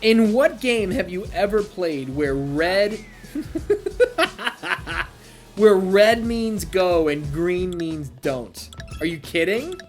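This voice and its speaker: A man calling his own video game match in let's-play commentary, excitable and profane, shouting at the big moves. His pitch swings all over while he talks, and game music plays behind him. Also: slow pace. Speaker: gaming youtuber.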